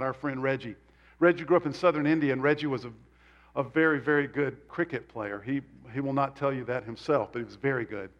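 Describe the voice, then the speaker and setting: Man, pastor, church sermon, somewhat high voice, animated and emphatic. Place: church sanctuary.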